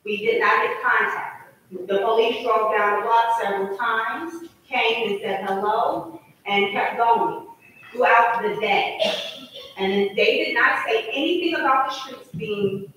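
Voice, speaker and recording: A woman giving an emotional, forceful public comment at a city council meeting. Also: fairly high pitch, unhurried, a little hiss or hum. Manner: emotional, forceful, rising to shouts. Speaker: resident speaking at public comment. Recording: echoey chamber, mic from a distance.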